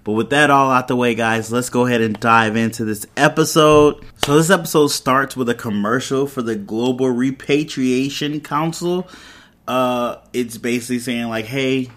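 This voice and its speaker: A man's voice: medium pitch, moderate pace, fairly bright tone. A man hosting a podcast, retelling a TV episode in a loose, chatty way with side comments. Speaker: podcast host. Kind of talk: casual episode recap.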